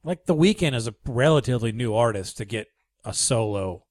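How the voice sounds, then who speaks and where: A man co-hosting a radio show, chatty and quick to tease. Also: medium pitch, lively intonation, no echo, clean studio sound. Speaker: radio host. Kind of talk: casual radio banter.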